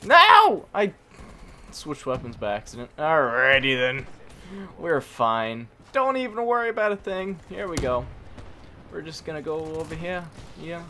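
Man, lively swooping voice, bright tone, jokey gameplay commentary, faint gunfire behind. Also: fairly high pitch, normal speed, slight background noise. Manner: animated, yelps and shouts in bursts, jokey. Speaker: gaming commentator.

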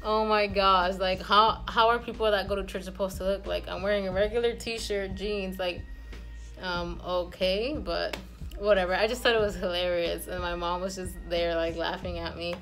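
A young woman in her twenties talks to her camera in an easy, rambling vlog style, full of fillers and small laughs. Her voice sits right in the middle of the female range. Faint music plays quietly behind her. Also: mid-range voice, steady tone, normal speed. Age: 20s. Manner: rambling, chatty, laughs easily. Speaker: vlogger. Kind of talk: casual vlog chat.

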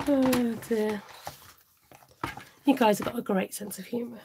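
A woman's voice: fairly high pitch, takes it slowly, vocal fry, pauses often, background noise. A woman hosting a live card-making stream, chatting casually, reading out viewer comments and often murmuring asides to herself. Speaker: card-making livestream host. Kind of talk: casual live crafting chat.

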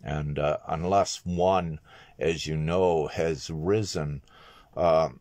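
Male spiritual teacher, deep low voice, dry close sound, measured and halting. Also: steady tone, a little mellow, no room sound. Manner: measured, halting delivery with frequent filler pauses. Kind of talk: monologue video message.

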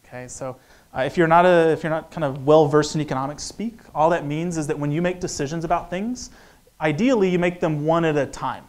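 A man's voice: a little high, brisk. A man in his thirties giving a joking, conversational economics lecture to an audience, acting out little dialogues. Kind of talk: lively lecture talk.

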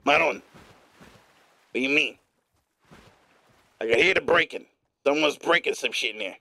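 A male streamer giving live gameplay commentary in a put-on gruff newsman voice, profane and playful. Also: medium pitch, moderate pace, pushed and bright, dry recording.

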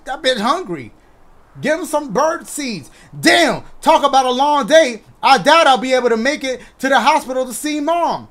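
Loud excitable man gaming. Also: very high voice, moderate pace, slight background noise. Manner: loud, excitable, shouting reactions and running jokes. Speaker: gaming YouTuber. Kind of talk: horror game let's play commentary. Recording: music playing behind the voice.

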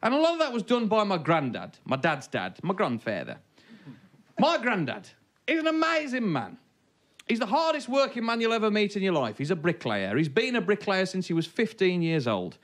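A man from the Black Country with a Black Country accent, doing wry, animated stand-up comedy. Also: high voice, moderate pace. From Black Country, England.

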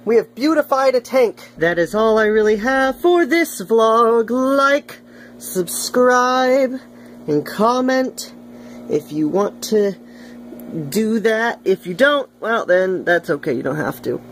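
A woman's voice: mid-range voice, sing-song, unhurried, a little hiss or hum. A woman vlogging casually at home, playfully chatting to her aquarium fish. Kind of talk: casual vlog tour.

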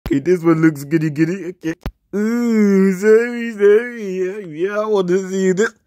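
A man reacting casually to pictures, repeating words, squealing high greetings and shouting refusals. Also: unhurried, dry recording. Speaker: YouTube reaction host.

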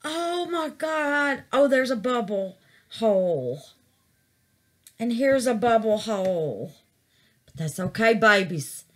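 This middle-aged woman has a mid-range voice with lively intonation, and she takes her time, pausing often. Chatty and given to exclamations to the Lord, she works through a resin craft project in a casual vlog, calling her viewers babies.

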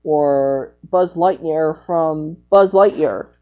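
A woman's voice: deep voice, drawn-out words, dark tone, poor audio. A woman rambling through improvised toy play, jumping between made-up character voices.

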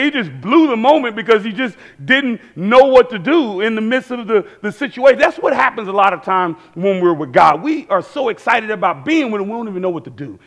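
A man preaching a sermon in a church, animated and conversational, acting out quoted voices and repeating phrases. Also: high-pitched, fast talker, hardly any pauses.

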